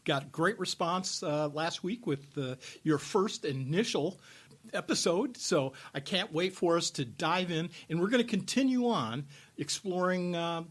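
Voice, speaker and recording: A man's voice: fairly high pitch, lively intonation, unhurried. A man co-hosting a podcast in a studio, chatty and upbeat, chiming in with short agreements. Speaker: podcast producer and co-host. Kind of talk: casual podcast chat.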